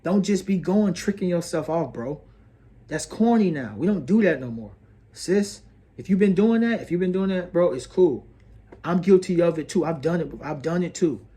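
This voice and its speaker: A man's voice: high-pitched, animated, moderate pace, warm tone. A man hosting an astrology video, earnest and preachy, repeating phrases and calling the listener bro and sis. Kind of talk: motivational astrology monologue.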